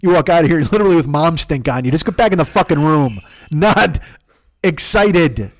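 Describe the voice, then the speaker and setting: A man's voice: on the high side, expressive, normal speed, no room sound. A man in his forties hosting a podcast, telling a rambling, profane, self-mocking comic story into a close microphone. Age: 40s. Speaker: podcast host. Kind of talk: solo comedic storytelling. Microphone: close podcast mic.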